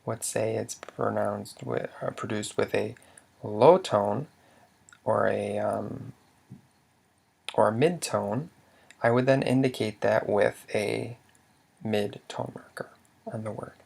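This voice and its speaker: A man's voice: fairly low pitch, steady tone, takes it slowly, creaky, long pauses, darkish tone, slightly rough. A man narrating a slide lesson as a language teacher. He asks questions, answers them himself, and often stops to restart a word.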